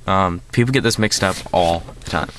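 A man's voice: low-pitched, normal speed, slight background noise. A man hosting a casual movie review, rambling with lots of filler words and restarts.

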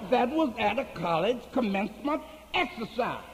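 A man preaching a sermon, telling a story in a low voice and rising to high shouted climaxes. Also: sing-song, normal speed. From United States. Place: large hall with an audience. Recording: reverberant hall with faint hiss, 1980 archive.

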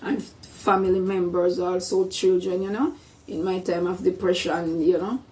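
A woman's voice: lowish voice, fairly even intonation, normal speed, darkish tone. A middle-aged woman shares her story in a casual vlog. She speaks earnestly, often repeats words, and brings in her faith. Her voice sounds a little distant from the microphone. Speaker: vlogger.

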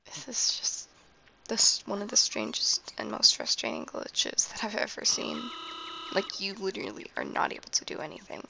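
A young woman quietly commentating a game late at night, half-whispering, with a hoarse voice and coughs. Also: mid-range voice, big pitch swings, moderate pace, a little hiss or hum, poor audio. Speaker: gameplay commentator.

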